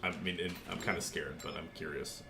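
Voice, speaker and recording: With a low, creaky voice and fairly even intonation, a young gaming streamer chats fairly quickly while designing a paint scheme. He's goofy, joking, and easily amused, speaking to chat over a noisy background.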